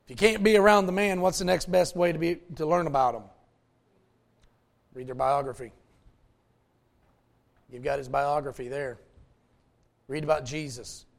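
A male pastor preaching a folksy, animated sermon with asides to the congregation. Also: a little high, moderate pace, creaky, pauses often.

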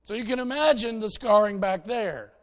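A man's voice: high-pitched, normal speed. A man preaching a conversational sermon in a folksy, plainspoken way, telling stories to make his points.

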